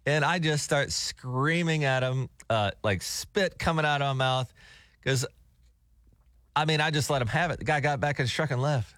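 A middle-aged man hosting a radio show, telling stories in an animated, casual way and laughing often. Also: mid-range voice, normal speed, dry recording, studio quality. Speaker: radio host. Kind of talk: casual on-air chat. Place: radio studio.

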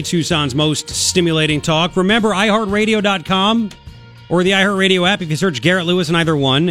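A man hosting a talk radio show in a studio, delivering an opinionated monologue in a sarcastic, mocking, animated way. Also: high-pitched. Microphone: studio microphone.

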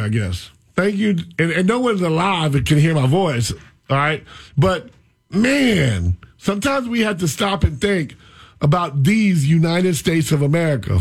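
A man hosting a radio talk show, rambling and animated as he tells stories. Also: a little high, breathy edge. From Florida. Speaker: radio host.

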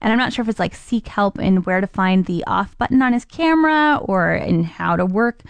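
A young adult woman chats through her morning show segment in a self-deprecating storytelling way. Her voice is smooth and clean, recorded close and dry with no room sound. Her pitch sits in a middle range. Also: animated, moderate pace, no echo. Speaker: radio morning show host. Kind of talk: casual chat.

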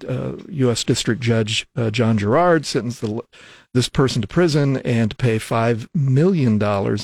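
A man hosting a local radio talk show in a studio, speaking haltingly with many fillers and restarts. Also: mid-range voice, creaky, darkish tone, dry recording. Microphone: studio microphone.

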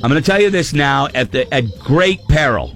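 A man's voice: on the high side, expressive, normal speed, fairly bright tone, faint music behind. A middle-aged man hosting a radio show, telling a story with lots of laughter and acting out his wife's lines. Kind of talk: morning radio banter.

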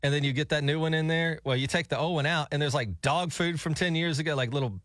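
A man's voice: a little high, fast, fairly bright tone, no room sound, studio quality. A man hosting morning radio, talking in a playful, insistent way. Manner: playful, insistent, laughs easily. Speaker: radio host.

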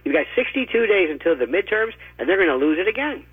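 High-pitched husky guy ranting on the phone, all over the place, super emphatic. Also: sing-song, no room sound. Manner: emphatic, rapid-fire ranting with mocking impressions. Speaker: guest commentator. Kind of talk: opinionated phone-in commentary. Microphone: phone line. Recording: tinny dry phone line.

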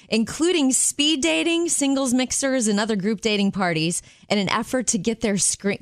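A woman co-hosting a show, presenting light feel-good stories in an upbeat, lively way. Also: medium pitch, no room sound. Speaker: radio show co-host. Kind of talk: casual chat and news-story reading.

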